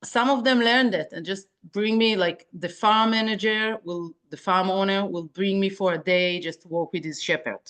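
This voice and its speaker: A woman's voice: medium pitch, moderate pace, hardly any pauses, a bit bright. A woman from Israel, a sheepdog trainer who is a guest on a podcast, chatting casually in English with small grammar slips. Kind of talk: casual conversation.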